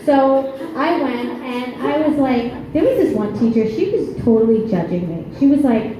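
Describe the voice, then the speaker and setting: Brash, chatty stand-up comic, woman, thirties, slightly high voice, echoey club sound. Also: dark tone, a little hiss or hum. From New York. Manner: brash, chatty, quick asides with laughs. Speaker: stand-up comedian. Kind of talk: stand-up comedy set. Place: comedy club.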